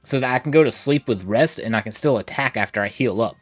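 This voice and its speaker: A gaming streamer chats quickly in his mid-range voice, reading viewers' messages aloud and tossing in playful asides. He sounds a bit winded from allergies. The recording is dry, with faint music behind.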